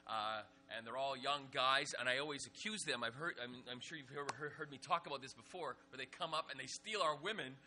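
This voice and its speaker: Bright-voiced preacher telling stories. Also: male voice, mid-range voice. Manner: lively anecdotes with many fillers and restarts. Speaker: pastor. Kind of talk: humorous sermon storytelling.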